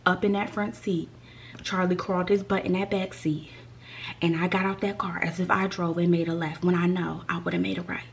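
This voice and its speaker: A woman vlogger telling a story from her own life, animated and fond of repeating lines for effect. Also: medium pitch, moderate pace, slight background noise. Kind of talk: storytime vlog.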